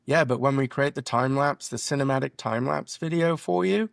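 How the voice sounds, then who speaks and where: A middle-aged man, guest on a podcast, telling lively work stories and acting out conversations in quoted voices. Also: medium pitch, moderate pace, gravelly, no room sound, clean studio sound. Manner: animated storyteller acting out dialogue. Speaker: guest, drone business founder. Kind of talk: podcast interview.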